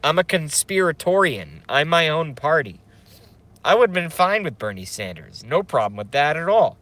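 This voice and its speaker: A man's voice: a little high, sing-song, normal speed, fairly bright tone. A man hosting a casual livestream, rambling, swearing, and reading out viewer comments. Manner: rambling, profane, emotional; reads chat comments aloud. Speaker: livestream host.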